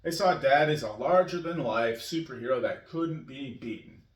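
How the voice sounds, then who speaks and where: Gravelly guy rambling on, lots of you knows, kinda far from the mic in an echoey room. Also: medium pitch, animated, normal speed. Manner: rambling, chuckles often, many "you know"s. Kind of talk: casual monologue.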